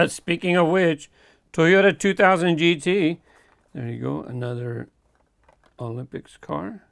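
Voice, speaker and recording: A man hosts his own toy car unboxing video, taking it slowly in a fairly high, fairly bright voice with vocal fry. As a collector giving casual commentary, he's easygoing and chatty, chuckling now and then between remarks.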